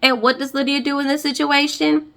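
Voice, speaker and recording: A woman talks straight to her viewers as she recaps a reality show, sassy and slangy. Her voice is bright and forceful. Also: high voice, little pitch movement, a little fast, gravelly. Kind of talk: casual recap commentary.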